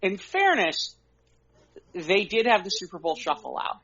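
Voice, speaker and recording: A man's voice: high-pitched, brisk, fairly bright tone. A man co-hosting a podcast in casual chat, candid and conversational, peppering his talk with "you know". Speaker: podcast co-host. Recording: dull lo-fi podcast audio.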